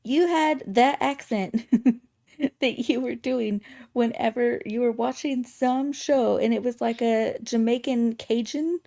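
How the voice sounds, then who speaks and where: A woman's voice: on the high side, slow pace, creaky, mellow, no echo, studio quality. A woman chatting casually with friends on a stream, teasing and laughing often. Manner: teasing, giggly. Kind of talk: casual group chat.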